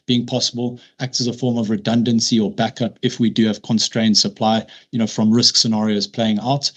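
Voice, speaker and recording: Man, middle pitch, formal hearing presentation, measured, frequent fillers and restarts. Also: muffled recording. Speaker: licence applicant presenting.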